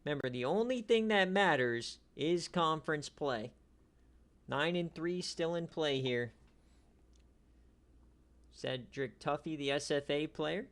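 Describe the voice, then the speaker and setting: A man hosting a league stream, giving casual, jokey play-by-play recaps that swing from low mutters to excited shouts. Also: slow pace, long pauses.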